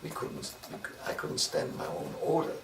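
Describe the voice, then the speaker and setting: An older man with a Viennese accent telling his story in an oral history interview, with measured storytelling and vivid recalled dialogue. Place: interview room. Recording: roomy, distant mic with noise.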